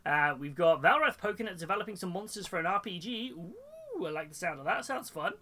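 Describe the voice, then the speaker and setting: A man's voice: high-pitched, animated, fast talker, pushed and bright, slight background noise. A man chatting casually on a live hobby stream, rambling along with many fillers and restarts. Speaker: hobby streamer and model kit seller. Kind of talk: casual live-stream chat while building models.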